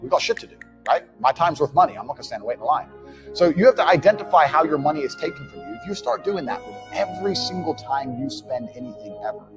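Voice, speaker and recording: A man's voice: on the high side, big pitch swings, quick pace, music in the background. A man giving a motivational monologue about money, blunt and brash, swearing freely and acting out the people he quotes. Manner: brash, blunt and profane, acts out quoted dialogue. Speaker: entrepreneur speaking on money.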